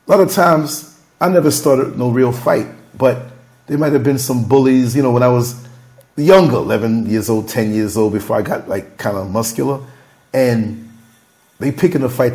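A man's voice: medium pitch, a little mellow. A man hosting a candid podcast conversation, telling stories in an emphatic, emotional, freewheeling way. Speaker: podcast host.

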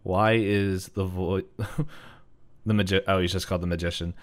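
A man's voice: low voice, little pitch movement, moderate pace. A man co-hosting a podcast, chatting casually and rambling a little as he recaps a movie. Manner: rambling, restarts, chuckles. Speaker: podcast co-host.

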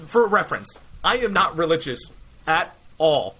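A man's voice: on the high side, normal speed, breathy edge. A young man co-hosting a podcast, telling a long rambling story in casual chat and acting out what everyone said. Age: young adult. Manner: rambling, animated, quotes himself often. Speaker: podcast co-host.

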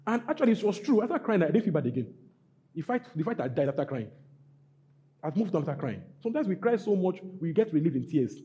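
A man preaching a sermon, emphatic and repetitive, building to loud exhortations. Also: a little high, very animated, quick pace, lo-fi sound. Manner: emphatic, repeats phrases, rising to loud exhortations. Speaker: pastor.

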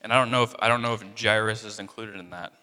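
A man's voice: fairly low pitch, fairly even intonation, fast talker, sharp tone, smooth, big-room sound. A young man giving a casual, conversational sermon, full of fillers and acting out people's reactions. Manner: conversational, many fillers, acts out voices of people in the story. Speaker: preacher.

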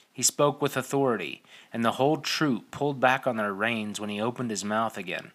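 A man reading an audiobook in steady, measured scripted narration. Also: fairly low pitch.

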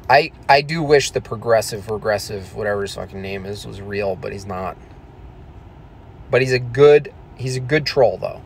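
A man's voice: mid-range voice, moderate pace, a little hiss or hum. A man hosting a livestream, ranting casually in a crude, mocking, sweary way. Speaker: livestream host.

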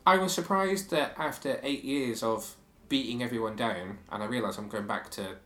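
A man's voice: mid-range voice, normal speed, pushed and bright, roomy sound. A man co-hosting a casual chat about a TV show, opinionated and chatty. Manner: chatty, opinionated, reads quotes aloud. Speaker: podcast co-host.

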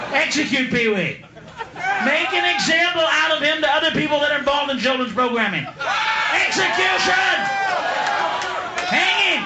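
A man doing a live stand-up routine, ranting and swearing, slipping into gruff low voices for his characters. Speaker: stand-up comedian. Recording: echoey live club with crowd noise. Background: audience laughter.

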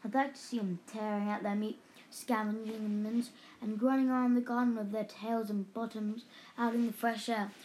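A woman's voice: fairly high pitch, steady tone, moderate pace, a little mellow, slight background noise, lightly acted. A woman voicing a boisterous, homesick father hyena in a storybook reading, speaking emphatically. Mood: wistful.

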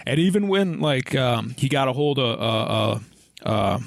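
Gravelly man, dry close sound. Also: medium pitch, expressive, dry recording. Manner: halting, many fillers. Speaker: podcast co-host. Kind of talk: casual chat.

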